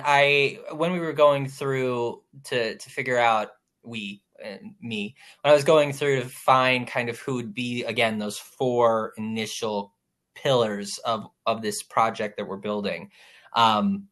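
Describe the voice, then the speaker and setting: A man's voice: medium pitch, fairly bright tone. Hesitant male roundtable moderator. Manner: hesitant, many ums and restarts.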